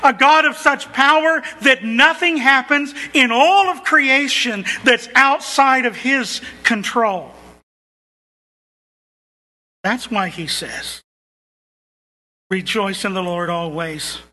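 A man's voice: very high-pitched, takes it slowly, hardly any pauses, pushed and bright, long reverb tail. A man preaching a sermon, emphatic and stressing points by repetition. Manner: emphatic, repeats phrases for stress.

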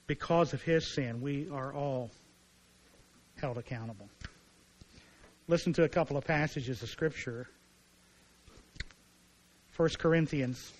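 Male preacher, slightly high voice, lively sermon delivery with acted asides. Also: poor audio. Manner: animated preaching, acting out voices of biblical figures. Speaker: pastor.

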